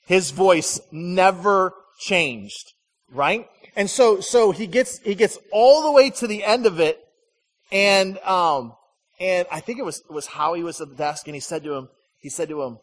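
Male pastor from Michigan, fairly high voice, chatty sermon with storytelling, reverberant hall. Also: a bit bright. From Michigan, USA. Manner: storytelling, acts out quoted voices. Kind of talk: conversational sermon.

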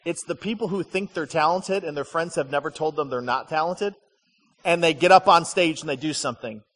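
Male pastor from Michigan, fairly high voice, chatty sermon with storytelling, reverberant hall. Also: fairly quick, a bit bright. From Michigan, USA. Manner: storytelling, acts out quoted voices. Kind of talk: conversational sermon.

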